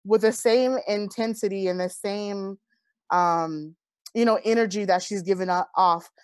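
A woman in her thirties speaks as an interview guest, earnest and heartfelt as she recounts her life. Her voice sits at an average pitch. The sound is dry and close, with no room around it. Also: unhurried, smooth, no echo. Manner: earnest, heartfelt, animated retelling. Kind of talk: personal storytelling in conversation.

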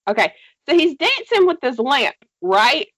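A woman's voice: sits high, very animated, a little slow, fairly bright tone, no echo. A woman casually recapping a TV series with a co-host, telling it animatedly, swearing freely and laughing often. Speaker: podcast co-host.

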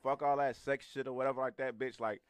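A man's voice: medium pitch, fairly even intonation, quick pace, clean tone. A man bantering bluntly and profanely on a casual podcast. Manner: blunt, profane, brash storytelling.

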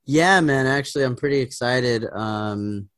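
A man's voice: medium pitch, a little slow, fairly bright tone, dry recording. Joking man in a dry close mic. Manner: joking, laughs often, many fillers. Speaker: stand-up comedian and podcast guest. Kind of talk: casual podcast chat.

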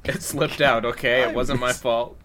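A man's voice: medium pitch, steady tone, moderate pace, over a noisy crowd. A man co-hosting a podcast, self-deprecating with dry humor in casual chat. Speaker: podcast co-host.

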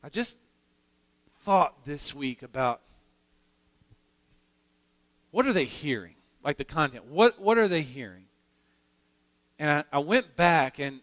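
A man's voice: fairly high pitch, fairly bright tone. A male pastor preaching a sermon, earnest and emphatic, often restarting his phrases. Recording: long hall reverb in a sanctuary.

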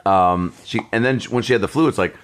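Deep-voiced man hosting a podcast. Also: fast talker. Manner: swearing, animated storytelling. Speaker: podcast host. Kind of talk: casual chat.

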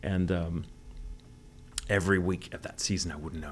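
A man's voice: low voice, fairly even intonation, moderate pace, pauses often. A man from the United States, a voice actor guest, chatting candidly in a rambling interview and swearing freely. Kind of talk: casual interview chat.

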